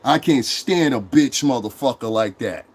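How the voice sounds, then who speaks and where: A man's voice: mid-range voice, lively intonation, normal speed. Brief: male streamer, heated profane rant to chat, mid-range voice, repeats himself for emphasis. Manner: angry, profane, repetitive ranting. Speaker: online streamer.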